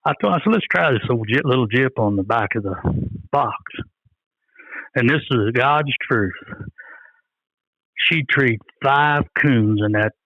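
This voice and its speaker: A man's voice: medium pitch, measured pace, long pauses, dry recording, lo-fi sound. An older man telling rambling, folksy stories in an interview, often quoting what others said. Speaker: guest, coon hunter. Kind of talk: storytelling in an interview.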